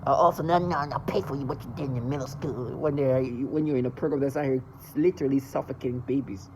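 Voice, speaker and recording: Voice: steady tone, quick pace, a little hiss or hum, rough recording. Intense, agitated vlogger ranting to camera. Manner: intense, agitated, swears often, swings between loud outbursts and low mutters. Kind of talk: emotional monologue to camera.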